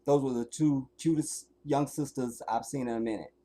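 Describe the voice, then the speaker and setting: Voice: mid-range voice, normal speed, warm tone. A livestreamer ranting bluntly and profanely to viewers, preaching about life and relationships. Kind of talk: livestream rant.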